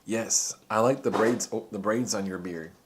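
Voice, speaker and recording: A man's voice: lowish voice, moderate pace. A laid-back man guests on a casual cooking livestream and laughs easily. He drops short, agreeable remarks. A faint hiss runs under his voice. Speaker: guest chef.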